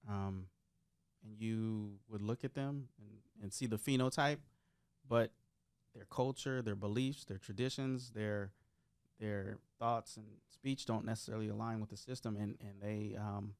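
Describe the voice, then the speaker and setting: Man explaining calmly on a podcast. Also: fairly low pitch, moderate pace. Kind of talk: casual podcast discussion.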